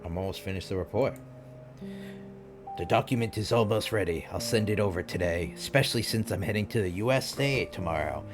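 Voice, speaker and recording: A man's voice: low voice, a little fast, music in the background, natural voice. A man reading aloud as an earnest, polite male archaeology professor of about forty.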